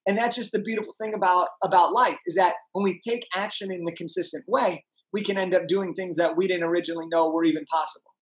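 A young man, a podcast guest, telling an energetic story and acting out the people in it. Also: sits high, quick pace, few pauses, rough recording. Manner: animated, acts out voices in his anecdotes.

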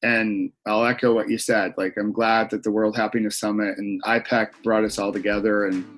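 A man's voice: lowish voice, level tone, normal speed, fairly bright tone. Reflective male podcast guest. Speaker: podcast guest, author and speaker. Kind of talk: casual interview chat.

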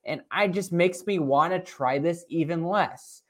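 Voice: mid-range voice, measured pace. A podcast co-host in casual chat, reading a blurb aloud and then giving a blunt opinion.

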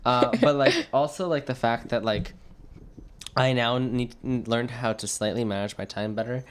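A young adult woman, a university student, chatting casually and telling animated stories full of acted-out quotes and "like". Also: extremely low pitch, normal speed. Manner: animated storyteller, acts out quotes, frequent "like". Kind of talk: casual chat.

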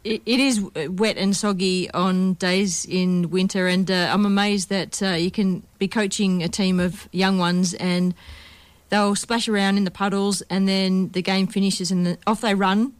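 A woman's voice: medium pitch, fairly even intonation, a little slow, clean tone. Woman, radio studio host, casual chat, laughs often, uh-filled.

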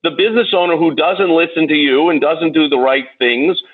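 A fired-up man coaching business owners in a blunt, ranting voice. The voice sits a bit high for a man and comes through husky. The sound is thin and tinny, like a phone line on the radio. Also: brisk.

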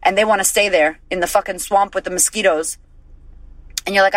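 A woman's voice: on the low side, fast, no room sound, low-quality recording. A woman hosting a podcast, giving a blunt, profane, fired-up motivational pep talk. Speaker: podcast host and life coach.

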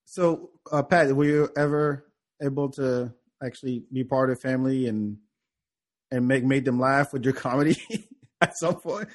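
Speaking at a normal speed in a medium-pitched voice, a man from France, English not his first language, hosts a casual podcast chat in a French accent. His talk comes in rambling bursts full of restarts.

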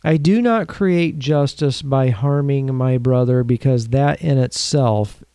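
A man giving earnest opinion commentary, slowing down to stress his points and putting rhetorical questions to the listener. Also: mid-range voice, mellow, clean tone, dry recording, studio quality. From United States.

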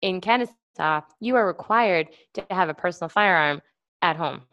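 A woman co-hosting a casual political podcast, indignant and quick, often restarting her sentences and talking over her partner. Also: lowish voice, fairly bright tone, muffled recording. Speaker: podcast co-host. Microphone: remote call with feedback.

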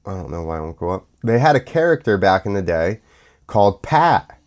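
A man's voice: sits low, sing-song, fairly quick, a little mellow. A young man hosting his own show, talking casually in a sarcastic, ranting monologue that drifts off on tangents. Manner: sarcastic, mocking. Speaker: show host.

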